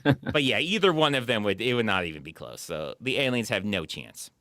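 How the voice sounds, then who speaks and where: A man talks through movies in a relaxed, rambling way, with plenty of ums and likes. His voice is bright and swings widely in pitch. The sound is dry and close to the mic. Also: fairly quick, no echo. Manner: animated, rambling, frequent fillers. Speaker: podcast co-host. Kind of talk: casual chat.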